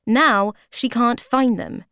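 A woman doing an indignant shop customer, higher-pitched. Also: takes it slowly, clear, resonant tone, no room sound, studio quality. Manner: loud, indignant. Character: angry adult female shop customer.

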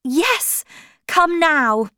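A spirited, headstrong young woman speaks firmly and with emphasis, voiced by a female reader. Her pitch moves a lot, and she speaks slowly. The sound is dry and close. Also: big pitch swings, sharp tone, no room sound, heavily acted. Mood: tender. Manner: firm and emphatic.

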